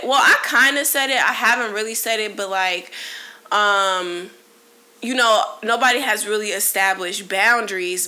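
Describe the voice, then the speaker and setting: Bright and forceful, this mid-range voice belongs to a podcast host in her late twenties working alone. Her candid talk wanders casually, packed with fillers and false starts, and at one point she briefly turns emotional.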